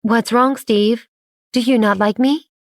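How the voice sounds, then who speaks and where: A woman voicing a sly toy robot that speaks in a calm synthetic monotone. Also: fairly high pitch, unhurried, no echo, clean studio sound. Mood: calm, teasing. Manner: calm, flat and teasing.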